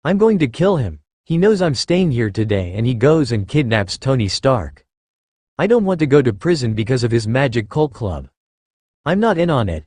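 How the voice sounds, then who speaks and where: A man voicing a startled, flustered woman doctor, reading her lines in a higher voice. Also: sing-song, normal speed, a little mellow, dry recording, clean studio sound. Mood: agitated.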